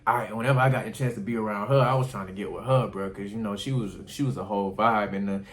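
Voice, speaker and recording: Talking quickly, a young guy recounts something that happened to him, full of slang and swearing. He calls the listener "bro" over and over, and his voice leaps much higher each time he mimics how shocked he was.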